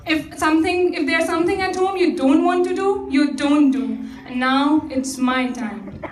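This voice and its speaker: A woman acting a fed-up middle-aged mother on stage, talking in a sharp, mocking way. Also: high voice, moderate pace, close to an everyday voice. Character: fed-up middle-aged mother turning the tables on her family. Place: theatre stage. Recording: echoey hall from far off.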